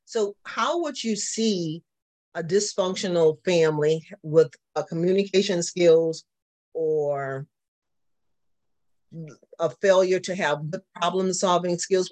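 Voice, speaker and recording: A man's voice: fairly high pitch, a little mellow. A man with a Southern accent, teaching a church class and asking the group questions as he goes. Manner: repetitive, asks the class questions. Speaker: pastor.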